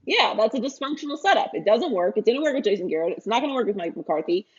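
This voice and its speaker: Opinionated lady cohost chatting sports, lively, kinda muffled audio. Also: on the high side, fast, breathy edge. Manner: animated, opinionated. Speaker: podcast co-host. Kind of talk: casual sports talk.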